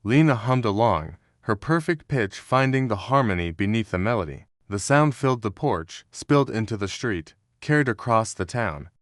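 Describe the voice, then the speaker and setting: A man narrates a historical story in a steady, measured voice that sits low for a man. The sound is dry and close, with no room around it. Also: no room sound. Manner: steady, measured storytelling with quoted dialogue read in the same voice.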